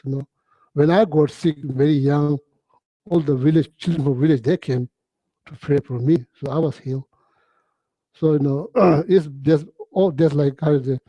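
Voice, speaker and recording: Halting man with a husky mellow voice. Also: on the high side, dry recording, rough recording. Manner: halting, repeats phrases, frequent throat clearing, non-native English. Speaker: Buddhist teacher. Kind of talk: informal dharma talk.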